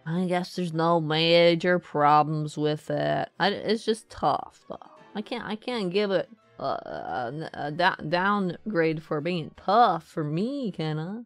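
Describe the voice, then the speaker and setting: A woman streaming a game, talking casually, swearing and joking as she rambles, now and then popping into a squeaky put-on voice. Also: measured pace, dry recording, soft background music. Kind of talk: casual live-stream commentary.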